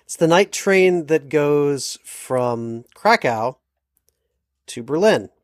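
A podcast co-host telling a travel anecdote in casual chat, acting out the quoted lines with lively energy. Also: medium pitch, takes it slowly, no room sound, studio quality.

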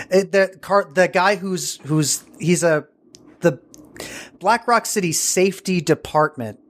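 A man as an interview guest, telling a story casually and digressively, searching for words as he goes. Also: a little high.

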